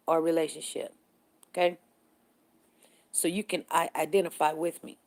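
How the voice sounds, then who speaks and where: A middle-aged woman hosting a casual morning live stream, chatting with viewers, greeting them by name and telling stories in an animated way. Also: lowish voice. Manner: animated storytelling, voices others in the story.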